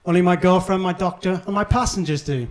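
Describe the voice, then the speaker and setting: A young man with a softened Northern Irish accent delivers quick, self-mocking jokes on a club stage. His voice sits high for a man. Audience noise comes through clearly around his stage mic. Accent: Northern Irish, toned down. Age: young adult. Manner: brisk, punchy, self-deprecating delivery. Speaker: stand-up comedian. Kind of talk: stand-up comedy set. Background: audience laughter and cheers.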